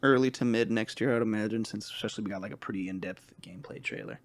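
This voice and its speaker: A man co-hosting a podcast in casual chat, tossing in quick jokes. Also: on the low side. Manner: joking, quick quips. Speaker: podcast co-host.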